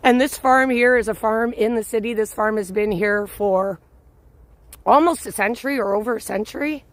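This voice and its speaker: A woman hosts a live-streamed walking tour on a snowy city walk, filming on a handheld phone, chatting, and greeting viewers by name. Her voice is a little high, her pace moderate, and the recording dry.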